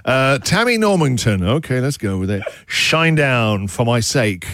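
A man's voice: mid-range voice, very animated, measured pace, a bit bright, no echo. A man hosting a breakfast radio segment, reading out listener entries, laughing often and joking. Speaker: radio host.

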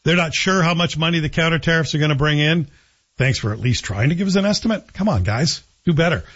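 A man hosting a radio talk show, giving animated, sarcastic opinion commentary. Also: on the high side, fast. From Canada. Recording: dull lo-fi broadcast audio.

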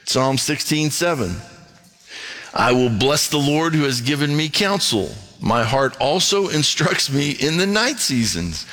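A male preacher with a fairly high voice delivers a sermon and reads scripture aloud. He is emphatic, sinking to hushed tones and then climbing into excited, rising questions. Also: measured pace. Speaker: pastor.

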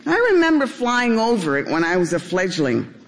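A woman voicing an elderly male duck who speaks in a slow, reflective way. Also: on the low side, big pitch swings, in a large hall. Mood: reminiscing.

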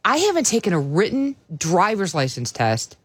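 A woman's voice: medium pitch, wildly swooping pitch, moderate pace, breathy edge, no room sound. A woman hosting a morning radio show, chatting and telling stories in a casual, easygoing way. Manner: chatty, storytelling, laughs easily. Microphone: studio microphone.

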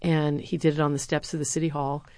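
Middle-aged woman, deep-pitched, earnest former speechwriter in an interview. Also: quick pace, no room sound. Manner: earnest, animated when quoting others. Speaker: university lecturer. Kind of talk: interview answers, storytelling.

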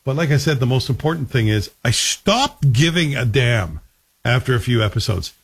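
A man's voice: medium pitch, big pitch swings, normal speed, husky. A man giving a casual, wry spoken review and asking himself rhetorical questions.

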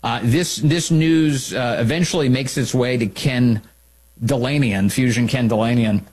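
Male commentary host, husky tone, mid pitch; incredulous, mocking delivery. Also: unhurried, a little mellow. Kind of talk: sarcastic solo commentary.

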